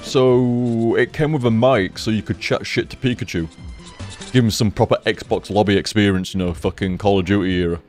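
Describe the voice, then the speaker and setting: A man's voice: on the low side, moderate pace, a little mellow, faint music behind. A man casually chatting while he plays a game, chatty and sweary, often laughing at his own jokes. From United Kingdom. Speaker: gaming streamer. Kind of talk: casual chat while playing.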